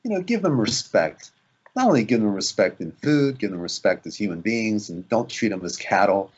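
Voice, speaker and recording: A man's voice: fairly low pitch, very animated, moderate pace, darkish tone, slightly rough, dull audio. A male actor in a casual interview, telling behind-the-scenes stories animatedly, acting out quotes and laughing often.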